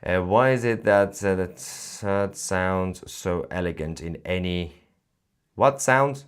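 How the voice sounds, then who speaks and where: A man's voice: low-pitched, takes it slowly, smooth. A man hosting a livestream, reading viewer comments aloud and joking between them with frequent laughs. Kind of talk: casual live-stream commentary.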